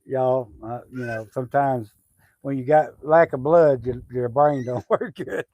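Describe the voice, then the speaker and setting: A man's voice: mid-range voice, a little slow, a little mellow, no room sound, low-quality recording. A middle-aged man, chatting casually on a homestead livestream, rambling with lots of fillers and restarts. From Southwest Arkansas.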